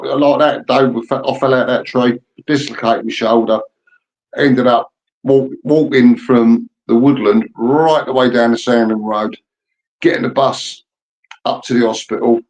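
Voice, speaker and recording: A man in his fifties swears freely as he rambles through old stories. His voice sits at an ordinary middle pitch, in easy, casual chat. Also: darkish tone, low-quality recording. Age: 50s. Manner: rambling, profane storytelling. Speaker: birthday guest telling stories.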